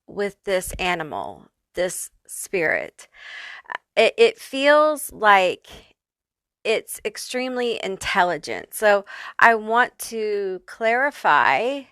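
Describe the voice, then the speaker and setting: A woman's voice: medium pitch, big pitch swings, slow pace, a bit bright, smooth, no room sound. A woman giving a casual pick-a-card tarot reading who swears freely and laughs often. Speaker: tarot reader.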